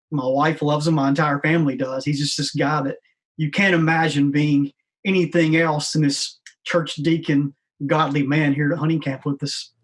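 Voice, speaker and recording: A man talking as a podcast guest in a relaxed, laid-back way, full of casual fillers. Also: a little high. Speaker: guest, founder of a veterans' nonprofit.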